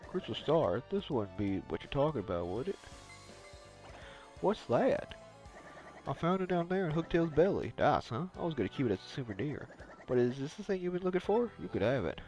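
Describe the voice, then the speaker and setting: A man voicing a gruff, folksy older male turtle father in a deeper, nasally voice while reading game dialogue aloud. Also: very animated, moderate pace, darkish tone, faint music behind.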